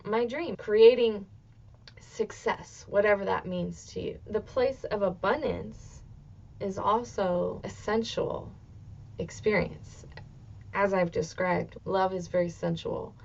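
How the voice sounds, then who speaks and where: Woman in her 30s, podcast host, motivational solo talk, gravelly fry, slightly dull lo-fi sound, swears freely. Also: medium pitch, slow pace, slight background noise. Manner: expressive, swears freely, swings into excited outbursts.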